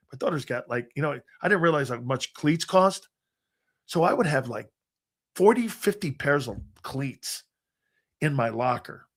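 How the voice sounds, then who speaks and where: A middle-aged man hosting a sports talk show, telling rambling, animated anecdotes full of restarts. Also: medium pitch. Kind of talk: casual storytelling.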